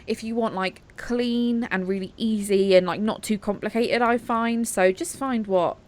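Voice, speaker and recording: A woman's voice: medium pitch, fairly even intonation, measured pace. A woman co-hosting a podcast in casual chat, chatty and encouraging, with frequent fillers. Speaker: podcast co-host.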